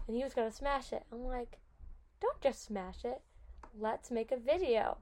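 A young adult woman hosting a podcast, telling stories in a chatty, animated way full of "like" and "oh my God". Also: fairly high pitch. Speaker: podcast host. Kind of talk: casual storytelling.

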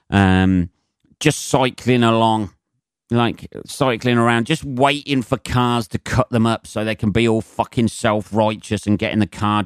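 A man's voice: lowish voice, no room sound, clean studio sound. Sweary British man ranting. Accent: British English. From Britain. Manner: sweary, rambling, mocks with put-on voices. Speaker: podcast host. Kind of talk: profane solo rant.

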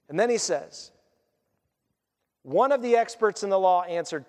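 Lively high-voiced pastor preaching. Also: male voice, a little fast, long reverb tail. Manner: conversational, animated, laughs at his own points. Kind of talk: sermon.

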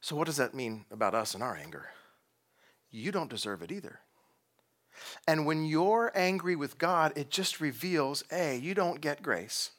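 A man preaching a sermon, animated and playful, acting out voices of figures in the story. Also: a little high, normal speed. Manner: animated, acts out voices of biblical figures with humor. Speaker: pastor.

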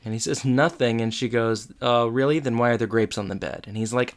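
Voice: medium pitch, a little fast, few pauses. A person chatting casually, recapping a sitcom episode and narrating scenes with quoted dialogue and many fillers. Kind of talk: casual chat.

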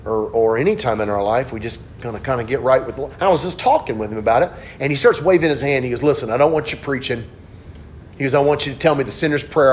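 This middle-aged pastor tells stories in his sermon, alternating hushed, low stretches with animated outbursts. Slight background noise can be heard.

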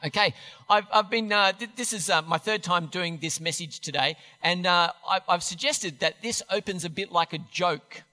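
A man's voice: high-pitched, moderate pace, pushed and bright, in a large hall. A man preaching a sermon in a church, chatty and self-deprecating, often restarting his sentences. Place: church hall.

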